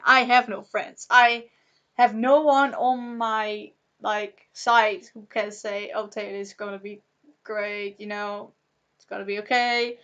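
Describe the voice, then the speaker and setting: A young woman vlogger rambling to the camera in an emotional personal monologue, halting, with nervous laughter, upset. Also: on the high side, a bit bright.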